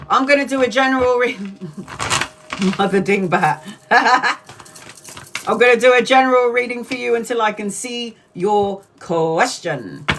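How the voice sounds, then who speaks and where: A woman's voice: mid-range voice, a bit bright, a little hiss or hum. A British woman giving a live-stream tarot reading, chatty, laughing often and swearing freely. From Britain. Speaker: tarot reader.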